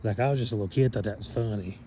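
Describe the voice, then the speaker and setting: Man, rambling monologue, lowish mellow voice, loose and profane, lots of fillers. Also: a little hiss or hum, low-quality recording. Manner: meandering, profane, many fillers and trailing pauses.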